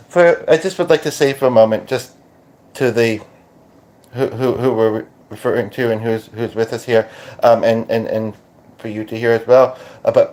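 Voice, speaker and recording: A Canadian man talks through a casual channeling session on his podcast. His speech stops and restarts often, padded with fillers. His pitch is an ordinary middle for a man. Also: darkish tone. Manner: hesitant, full of restarts and fillers. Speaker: podcaster and medium.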